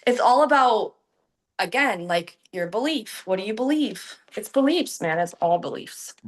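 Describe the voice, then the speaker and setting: A woman talking as a podcast guest in a casual conversation, animated, with many fillers and acted-out quotes. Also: mid-range voice, a little slow.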